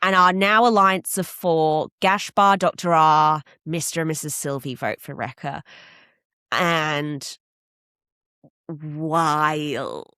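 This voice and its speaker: A woman's voice: sits low, slow, clean tone, dry recording, clean studio sound. A woman co-hosting a podcast, chatting casually and acting out what people said as she retells a show. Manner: animated storyteller who acts out quotes. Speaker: podcast co-host.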